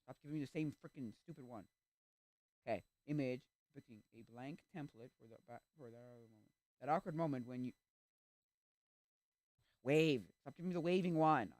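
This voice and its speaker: A man streaming and chatting casually, animated and easily exasperated, acting out little reactions. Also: medium pitch, fairly quick, long pauses, no room sound. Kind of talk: casual chat.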